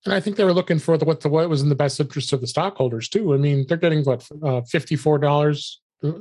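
A man co-hosting a casual panel discussion, talking haltingly with many fillers. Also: fairly high pitch, a little mellow. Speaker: co-host.

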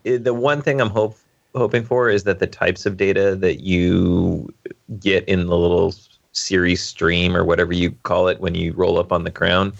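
A man's voice: low-pitched, creaky, no echo, lo-fi sound. A man co-hosting a casual tech chat, talking with wry, sarcastic asides.

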